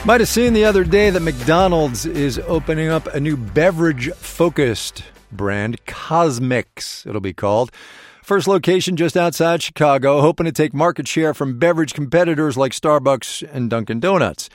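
A man's voice: on the high side, expressive, normal speed, no echo, studio quality, soft background music. A man hosting a radio news program, reading scripted lines with wry, playful asides.

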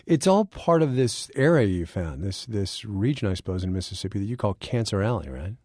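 A man's voice: fairly low pitch, sing-song, a little fast, a little mellow, no room sound, clean studio sound. A man hosting a radio show, reading polished intros and asking curious questions with small restarts. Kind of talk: radio interview and scripted intros. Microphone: studio microphone.

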